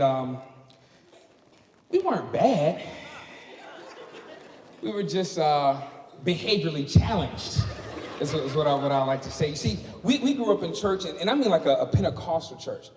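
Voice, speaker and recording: A man performing a stand-up comedy set, punchy and animated, tossing rhetorical asides to the audience. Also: sits high. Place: comedy festival stage before a live audience. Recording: echoey hall, crowd laughing.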